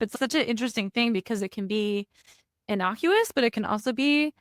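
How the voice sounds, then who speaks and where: A woman's voice: on the high side, expressive, fairly quick, dry recording, studio quality. A woman in her thirties co-hosting a podcast, talking candidly and reflectively, with frequent laughs. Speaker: podcast co-host. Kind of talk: casual chat.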